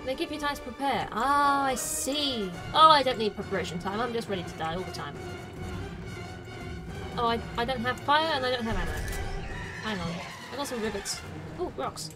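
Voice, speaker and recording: High-voiced, playful woman streamer. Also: animated, moderate pace. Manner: playful, chatty, talks to herself. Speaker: game streamer. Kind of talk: gameplay commentary. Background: game music.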